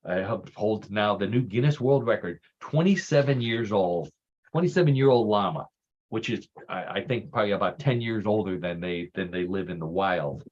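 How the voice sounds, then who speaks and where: A man's voice: on the low side, expressive, moderate pace, a little mellow, highs cut off. A man hosting a casual radio talk show, telling stories with groan-worthy puns.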